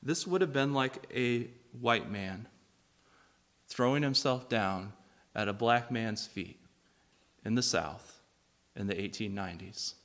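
A man preaching a sermon, reading scripture and asking the congregation questions in an animated way. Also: lowish voice, slow, pauses often. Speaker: pastor.

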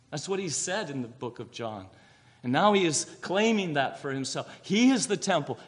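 A man preaching a sermon, asking rhetorical questions and answering them himself. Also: mid-range voice.

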